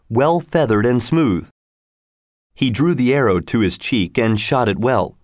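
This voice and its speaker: A man reading a storybook aloud in a measured, expressive way. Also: medium pitch, dry recording, clean studio sound. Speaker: narrator.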